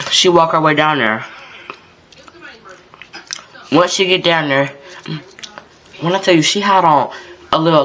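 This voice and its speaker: A man's voice: on the high side, pushed and bright, rough recording. A young man from North Carolina, telling a story in a laid-back, conversational vlog style. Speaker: vlogger.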